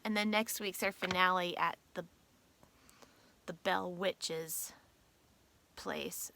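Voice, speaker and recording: A woman vlogger chats casually with her viewers, drawling and giggling through her stories with little asides. Her medium-pitched voice is creaky, bright, and forceful, with a little hiss or hum in the recording.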